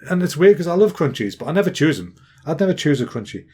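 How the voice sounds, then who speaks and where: English man, 30s, podcast host; relaxed rambling storyteller, quick with jokes. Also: a little high, slightly rough. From England. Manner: rambling, chatty, jokey. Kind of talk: casual storytelling monologue.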